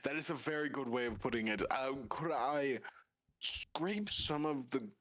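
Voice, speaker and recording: A tabletop player on a voice call, hesitant, pausing often as they hunt for the right words. The sound is very dry, with no room around the voice, and the pitch sits in a mid range. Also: fairly bright tone, no room sound. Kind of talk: playing a tabletop game over voice chat.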